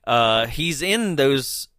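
Man, podcast co-host, bright voice, rambling, hesitant, dry close sound. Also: mid-range voice, lively intonation, extremely slow, no room sound. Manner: rambling, hesitant, lots of fillers. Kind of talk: casual chat.

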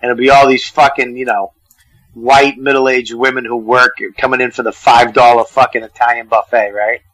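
A man's voice: medium pitch, level tone, normal speed, no echo, poor audio. A man from Boston with a Boston accent, calling in as a guest comedian and arguing in profane, casual banter. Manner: profane, loud and argumentative, keeps interrupting. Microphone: phone call.

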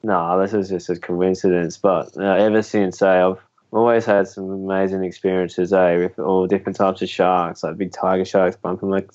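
A man's voice: low voice, little pitch movement, moderate pace, a little mellow, muffled recording. A young Australian man telling rambling, laughing stories as a guest on a podcast. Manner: laid-back, rambling, laughs through his stories. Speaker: spearfishing guest. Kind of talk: casual storytelling in a podcast interview.

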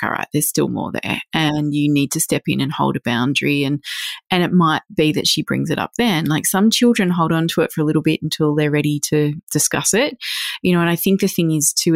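A gentle woman talks through parenting advice on a podcast. Her voice sits a little low, and she slips into the voices of parents and children as she explains. The sound is dry and close. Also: no echo. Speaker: parenting expert.

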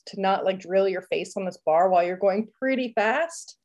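A woman's voice: mid-range voice, moderate pace, darkish tone. A woman in her thirties chatting casually as a podcast co-host, full of fillers and frequent laughter. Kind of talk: casual chat.

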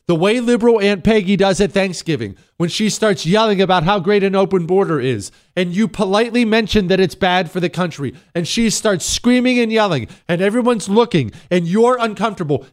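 A man hosting talk radio in a fairly high voice. He speaks emphatically, hammering points through repetition. His voice jumps up sharply when he pushes a point. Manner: emphatic, repetitive, rising to sudden high peaks.

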